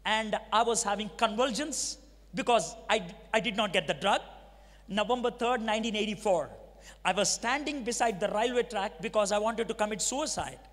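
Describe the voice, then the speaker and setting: High-voiced Telugu-accented preacher, echoing hall. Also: male voice, moderate pace, a bit bright. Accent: Telugu-accented Indian English. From Andhra Pradesh, India. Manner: storytelling, acts out dialogue, asks the audience questions. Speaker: preacher giving his testimony. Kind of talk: dramatic testimony sermon. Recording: long reverb of a large hall.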